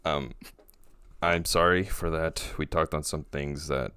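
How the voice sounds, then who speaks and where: A man hosting a casual podcast, teasing his co-host and guests and jumping up in pitch for emphasis. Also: fairly even intonation, measured pace, pushed and bright, clean tone, no echo. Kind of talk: casual chat.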